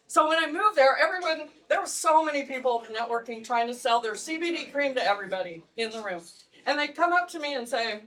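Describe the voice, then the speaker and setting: A woman teaching a live networking workshop, telling animated stories with laughs. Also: fairly high pitch, distant mic, rough recording. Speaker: networking trainer. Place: meeting room with audience.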